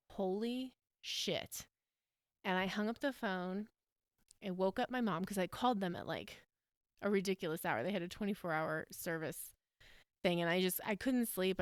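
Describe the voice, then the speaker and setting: A woman's voice: on the low side, clean tone, no room sound, clean studio sound. A woman in her thirties from the United States, hosting a podcast and telling a personal story in a candid, rambling, emotional way. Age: 30s. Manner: candid, rambling, emotional, with frequent fillers and laughs. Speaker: podcast host.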